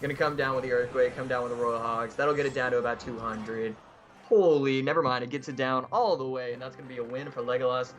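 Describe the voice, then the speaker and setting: A man's voice: mid-range voice, steady tone, fast, hardly any pauses, a bit bright, slight background noise. A man co-casting a live esports match, analysing plays loosely with many fillers and restarts. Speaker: esports co-caster.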